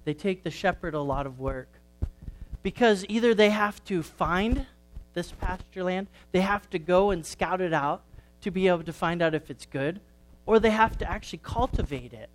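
A preacher giving an earnest, explanatory sermon before reading a children's story aloud. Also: male voice, high-pitched, normal speed, faint music behind, low-quality recording.

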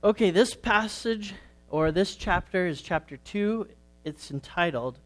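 A preacher giving an earnest, explanatory sermon before reading a children's story aloud. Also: male voice, sits high, animated, a little slow, fairly bright tone, rough recording.

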